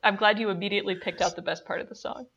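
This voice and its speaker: A woman's voice: mid-range voice, steady tone, very fast, creaky, fairly bright tone, muffled recording. A woman hosting a podcast in casual chat, easygoing and playful. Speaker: podcast host.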